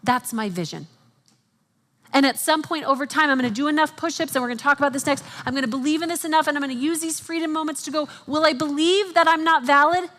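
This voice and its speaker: A woman facilitating a live workshop in front of an audience, speaking in an animated coaching manner and acting out the inner questions people ask themselves. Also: high voice, fast talker, big-room sound. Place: event hall with audience.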